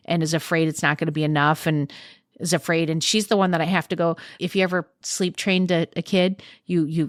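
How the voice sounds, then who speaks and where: Lady podcast guest, kinda low voice, blunt and swears a lot, dry close sound. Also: dry recording. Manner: frank, swears freely, reflective. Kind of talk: candid conversational chat.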